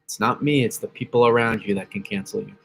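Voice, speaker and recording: A man hosts a casual weather stream in a fairly low, gravelly, husky voice, keeping a steady tone at a quick pace. He rambles over model maps as a weather channel host, correcting himself often and answering chat.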